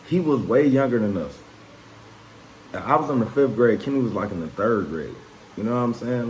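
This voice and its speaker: A man's voice: medium pitch, expressive, moderate pace, a little hiss or hum, rough recording. A man telling a personal story straight to the camera in a rambling, profane, casual way, peppering his talk with "man" and "you know what I'm saying". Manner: gets louder and more worked up when telling of the fight. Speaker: vlogger.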